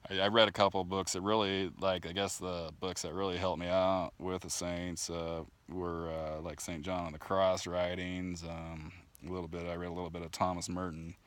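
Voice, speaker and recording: Deep-voiced man telling a rambling story. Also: normal speed, few pauses. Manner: rambling, laughs often, restarts and fillers, gets animated. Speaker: vlogger sharing spiritual testimony. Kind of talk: casual personal storytelling to camera. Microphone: camera mic.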